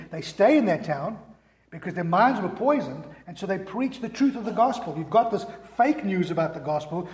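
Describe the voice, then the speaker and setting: A man's voice: sits high, darkish tone. A man preaching a sermon as pastor, emphatic and asking the congregation questions. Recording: echoey hall, long reverb.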